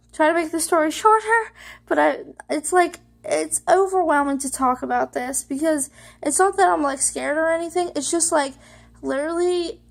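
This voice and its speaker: High, gravelly-voiced young woman vlogger. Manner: rambling, many fillers like "like" and "you know"; emotional, holding back tears. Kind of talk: personal storytelling to camera.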